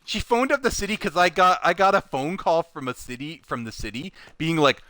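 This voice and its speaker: A man casually telling an anecdote from his job, animated and full of "like", laughing as he goes. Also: on the high side, a little fast, no room sound. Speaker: recycling plant worker telling a story.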